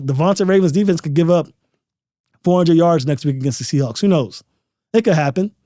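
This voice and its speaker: A man's voice: mid-range voice, dark tone, dry recording, studio quality. A man hosting a sports podcast, giving casual commentary and repeating phrases to drive his points home. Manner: emphatic, repeats phrases for stress. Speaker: podcast host.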